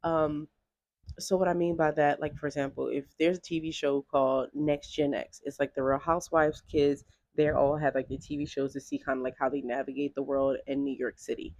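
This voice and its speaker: A woman's voice: low-pitched, a little fast, dry recording. Chatty woman vlogger, dry close sound. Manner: chatty and animated, heavy use of "like". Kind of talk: casual commentary vlog.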